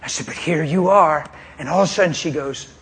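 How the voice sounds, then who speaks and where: A man's voice: a little high, fairly quick, vocal fry, a bit bright. A man preaching a testimony in a pointed, straight-talking way, telling his story with animation and frequent laughter. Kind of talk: sermon testimony.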